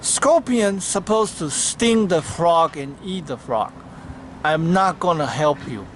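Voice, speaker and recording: A man's voice: fairly high pitch, lively intonation, takes it slowly, a little hiss or hum. A man voicing a cautious male frog in a spoken fable, asking questions and then refusing firmly.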